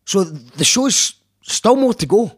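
Scottish man, radio host, husky voice, a bit high, rambling apologetic chat. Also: expressive, takes it slowly. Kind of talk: casual self-deprecating monologue.

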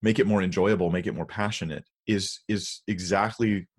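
During a podcast discussion, a man with a low-sitting voice and fairly even intonation talks about Bible translations. He sounds earnest and emphatic and reads verses slowly aloud.

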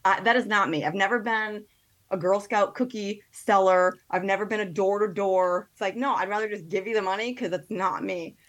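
A woman, a podcast guest, chatting casually and telling a story with quick asides and quoted thoughts. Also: medium pitch, a bit bright. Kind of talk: casual chat.

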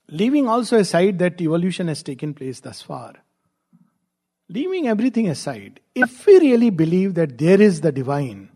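A man giving a spiritual discourse, reflective and gently humorous, posing rhetorical questions to his listeners. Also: sits high, husky. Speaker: spiritual teacher.

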